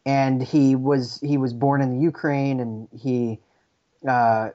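A man with a mellow, dark tone co-hosting a casual film review chat. He talks in a measured, analytical way, restarting his sentences as he thinks, over a dull, lo-fi recording. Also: medium pitch, steady tone. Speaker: film review podcast co-host.

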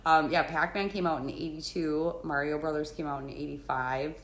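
A woman's voice: low voice, fairly even intonation, moderate pace, a bit bright, slight background noise. A middle-aged woman co-hosting a podcast, chatty and laughing often. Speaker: podcast co-host. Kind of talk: casual chat. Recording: echoey room.

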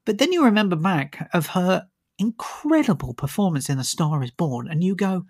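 Film reviewer, rambling and keen, even mid pitch, dry studio. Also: normal speed, slightly rough, dry recording. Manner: enthusiastic, rambling, with frequent restarts. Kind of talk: casual radio-style film review chat.

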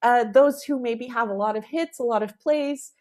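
A middle-aged woman composer in an interview, talking with animated emphasis and acting out the people she quotes. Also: on the high side, normal speed. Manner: animated, acts out quoted callers. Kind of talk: conversational interview.

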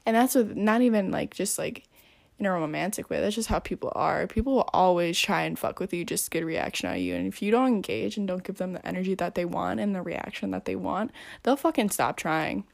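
A woman's voice: on the low side, lively intonation, a little fast, creaky. Teen girl ranting dating advice, blunt and swearing a lot, super emphatic. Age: teens. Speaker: vlogger. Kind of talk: casual advice rant.

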